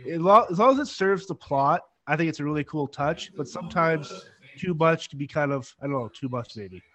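Rambling male interviewer, higher voice. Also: fairly bright tone. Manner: rambling questions full of "like". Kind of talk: casual interview.

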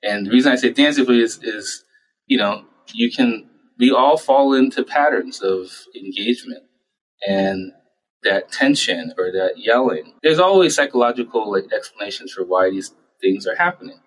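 A young adult man, a child psychiatrist, giving conversational interview answers and acting out parents and himself in quick little voices. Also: fairly low pitch, animated, poor audio. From United States.

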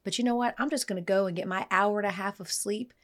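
Woman podcast host, casual chat, animated storyteller, mid-pitched voice. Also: fast talker. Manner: animated storyteller, voices the people in her stories.

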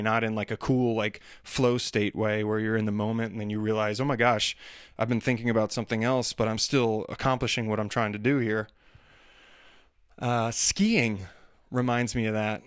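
A man's voice: mid-range voice, clean tone, dry recording. Middle-aged male host, casual rambling storyteller, mid-range voice, dead-dry recording. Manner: chatty, self-deprecating, demonstrates singing sounds. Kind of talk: casual monologue.

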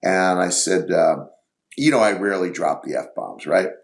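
A middle-aged man telling stories on a podcast, rambling and halting as he searches for words. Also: sits low, gravelly. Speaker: podcast guest. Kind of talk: casual storytelling.

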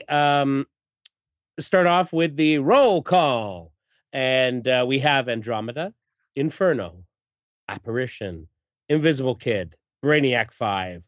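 A man's voice: mid-range voice, dry recording. A man hosting a podcast, casually recapping a comic issue and reading the credits, with plenty of fillers. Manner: relaxed, many fillers, reads credits aloud. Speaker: podcast host. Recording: dull lo-fi dry recording.

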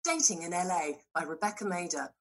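A woman's voice: lowish voice, a little fast, poor audio. A British woman in her forties, a guest on a podcast, telling stories with plenty of laughter and swearing. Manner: animated, laughing, profane storyteller. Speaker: actress guest. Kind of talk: casual podcast chat.

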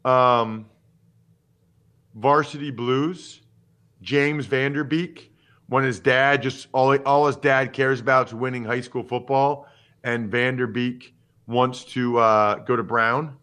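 A man's voice: mid-range voice, slow. A man in his forties hosting a sports podcast, a former pro football player who talks casually and with strong opinions, jumping from topic to topic. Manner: animated, opinionated, jumps between topics.

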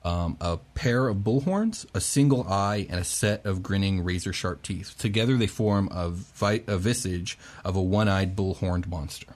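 A man's voice: sits low, moderate pace, few pauses. Laid-back young male game master. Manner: relaxed, laughs often, filler-heavy. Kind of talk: narrating a tabletop game.

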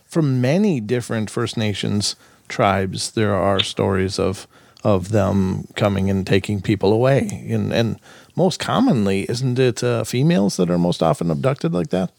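A man's voice: on the low side, a little slow, gravelly, darkish tone, dry recording. A man hosting a podcast interview, agreeable and thinking aloud as he speaks. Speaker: podcast host. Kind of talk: interview conversation.

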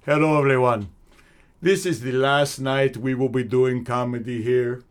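A man's voice: medium pitch, steady tone, a little slow, clean tone, close to an everyday voice. A man voicing a pompous male club owner with a thick, almost cartoonish Iraqi accent, scolding the audience.

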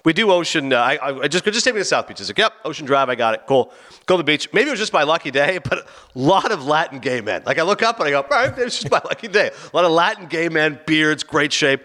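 A man on a podcast telling a long anecdote in casual chat, acting out the quoted lines and stammering through quick restarts. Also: a little high. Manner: animated anecdote teller, acts out his own and others' quoted lines.

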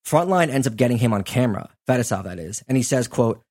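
A man's voice: mid-range voice, expressive, fast, hardly any pauses, a little mellow. A man hosting a podcast, telling a story in a loose, conversational way with lots of fillers. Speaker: podcast host; sports journalist. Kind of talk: casual storytelling chat.

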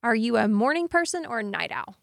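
A woman co-hosting a podcast, briskly firing off quick quiz questions. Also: fairly high pitch, sing-song, creaky, no room sound, clean studio sound, faint music behind. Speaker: podcast co-host.

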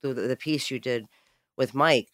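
A man hosting a podcast interview in casual chat, halting and often repeating words. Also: mid-range voice, fairly bright tone, no echo. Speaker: podcast host.

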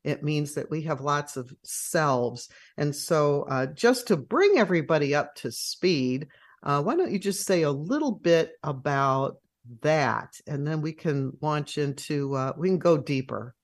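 A co-host on a talk show, speaking in a measured, deliberate way. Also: medium pitch, lively intonation. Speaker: radio co-host. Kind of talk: casual interview chat.

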